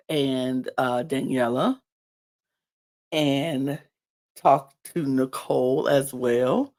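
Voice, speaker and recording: A woman's voice: sits low, creaky. A woman casually recapping a reality show, chatty and rambling with frequent ums and restarts. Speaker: podcast recapper.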